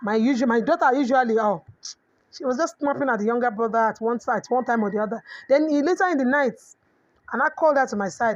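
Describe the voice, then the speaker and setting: Nigerian woman, middle-aged, high voice, preachy parenting coach, dull lo-fi sound. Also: fast. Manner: preachy, mixes in Yoruba proverbs. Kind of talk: motivational parenting talk. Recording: dull lo-fi audio.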